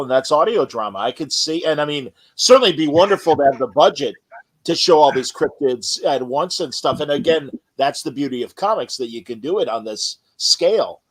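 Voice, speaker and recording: A man hosts a casual interview at an average pitch. He asks eager, rambling questions and keeps restarting his sentences. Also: lively intonation, moderate pace, poor audio. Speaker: podcast host.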